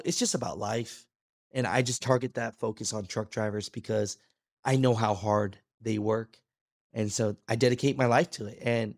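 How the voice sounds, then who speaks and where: A man talking as a podcast guest in a casual chat, an energetic storyteller who acts out quoted dialogue and restarts his sentences often. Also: medium pitch, no echo, studio quality. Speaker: podcast guest, trucking video creator.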